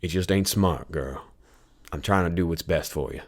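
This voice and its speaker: A man voicing a gruff, protective pilot with a folksy drawl. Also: deep voice, normal speed.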